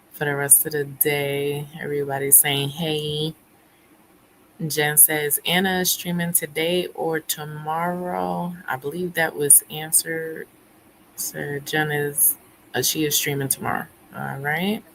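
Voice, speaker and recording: A young woman hosts a book club livestream, chatting casually and reading viewer comments while her voice recovers from laryngitis. She speaks low and flat at an unhurried pace, with a slightly bright tone, laughing often and acting out quotes. The recording is rough, with a bit of hiss or hum.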